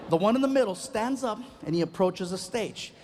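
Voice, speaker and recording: A male stand-up comedian telling an animated story on stage and acting out the people in it. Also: sits high, fairly quick, a little hiss or hum. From Mexican-American. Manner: animated, acts out voices.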